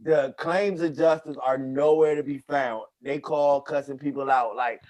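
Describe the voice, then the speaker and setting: A man's voice: medium pitch, fairly even intonation, unhurried, darkish tone. A man in casual podcast chat, talking bluntly and profanely as he vents. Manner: blunt, profane, venting, swears freely. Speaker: guest.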